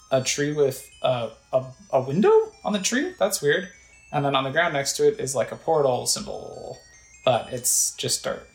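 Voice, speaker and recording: A woman's voice: extremely low pitch, gravelly, reverberant, rough recording. A woman casually playing a video game, chatting about what's on screen and reading text aloud. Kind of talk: casual let's play commentary.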